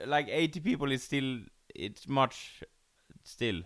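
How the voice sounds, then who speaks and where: A man's voice: mid-range voice, animated, slow pace, fairly bright tone. A man chatting casually, hesitant with many fillers and frequent laughter. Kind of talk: casual chat about history. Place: room in a village home.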